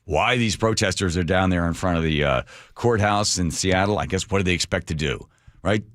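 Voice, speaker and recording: A man's voice: deep voice, a little fast, a bit bright, no room sound. A man hosting a talk radio show, delivering sarcastic commentary full of mocking rhetorical questions into a studio microphone.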